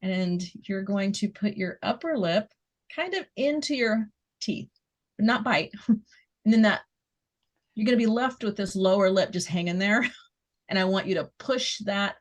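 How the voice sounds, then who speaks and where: A woman leading a guided muscle relaxation exercise, giving gentle step-by-step instructions and counting down. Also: medium pitch. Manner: slow, soothing instructions with soft laughs.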